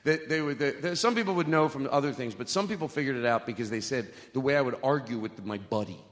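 A man's voice: medium pitch, fast, soft background music. A man hosting a live comedy podcast, rambling and profane, laughing often on stage at a podcast festival. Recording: roomy live venue with noise.

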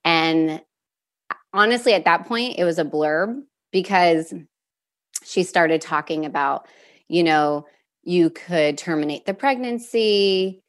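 Emotional woman with a lowish voice. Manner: halting, with fillers and restarts; openly emotional, near tears at times. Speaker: podcast guest. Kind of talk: candid personal storytelling.

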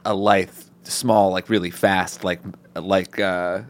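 A man's voice: sits low, little pitch movement, slow. A man co-hosting a podcast in casual chat, rambling with lots of fillers. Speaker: podcast co-host.

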